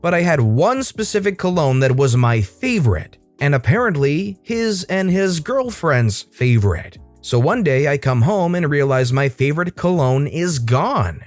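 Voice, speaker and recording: Lively male story narrator. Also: on the high side, measured pace, hardly any pauses, no echo, soft background music. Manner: lively, expressive reading with asides to viewers. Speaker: narrator of online stories.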